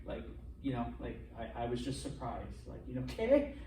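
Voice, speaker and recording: A man teaching a classroom Spanish lesson, animated and constantly checking in with his students. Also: mid-range voice, normal speed, slight background noise. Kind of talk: classroom lecture. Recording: echoey classroom from far off.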